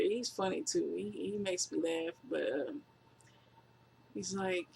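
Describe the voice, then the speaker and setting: Gravel-voiced casual wrestling reviewer. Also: mid-range voice, a little slow, slight background noise. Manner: rambling, offhand, with fillers and laughs. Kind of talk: casual spoken recap.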